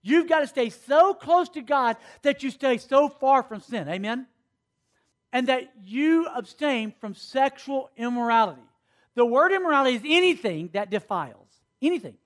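Man, 50s, high-pitched voice, youth preacher, animated, conversational, checks in with the audience. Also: normal speed. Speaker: camp speaker teaching students. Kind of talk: sermon-style teaching to a youth audience.

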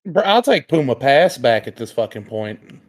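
A man on a loose sports podcast who curses freely and vents his frustration about football. His voice sits at an ordinary pitch, and his talk is blunt and rough-edged. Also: big pitch swings, normal speed. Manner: blunt, profane, exasperated. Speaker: podcast co-host. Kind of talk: casual sports chat.

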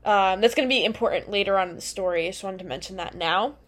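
Speaking fast at a medium pitch, a young woman co-hosts a casual chat podcast, rambling through a story and laughing often.

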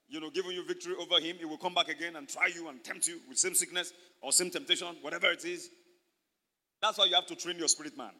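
A man's voice: sits high, sharp tone. A male pastor preaching a sermon, emphatic and repetitive, calling out to the congregation for responses. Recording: reverberant hall.

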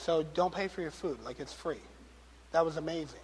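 This sermon comes from a pastor with a slightly high voice and moderate pace who acts out quotes, jokes, and laughs while telling a story. The large hall's long reverb is audible, along with a little hiss or hum.

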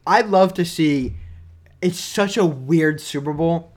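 Rich: An opinionated man chats about sports on a casual podcast, talking in a fairly high voice for a man. He is excitable and quick with his takes, and he answers his partner with frequent agreeing "yeah"s.

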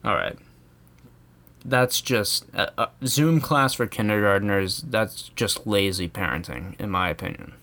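A rambling American man rants in a loose, comedic way, swearing freely and chuckling at his own points. His voice sits on the low side for a man. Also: fairly bright tone. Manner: rambling, profane, chuckling, with many fillers. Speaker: vlogger. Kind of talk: casual comedic rant.

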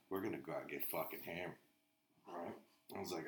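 A man's voice: low-pitched, fast talker, echoey room. A man on a podcast, telling rambling stories full of swearing in casual chat. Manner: profane, rambling storyteller. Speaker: podcast co-host.

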